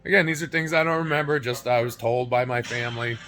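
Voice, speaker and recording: A man in his forties with a mid-range, sharp-toned voice talks quickly on a low-quality recording with music behind him. A fitness vlogger, he tells a painful personal story to camera, emotional and close to tears, swearing freely and constantly adding "right?" and "you know?".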